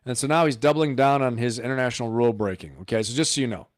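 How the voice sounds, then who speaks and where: A man's voice: medium pitch, very fast, no room sound, clean studio sound. A man hosting a live stream of political commentary, emphatic and riffing, firing off rhetorical questions.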